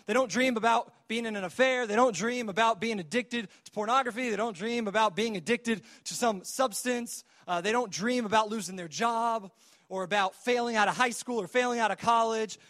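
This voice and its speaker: A man's voice: sits high, a little fast, fairly bright tone. A young man preaching, telling a childhood story in a conversational way full of fillers and restarts. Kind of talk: sermon storytelling.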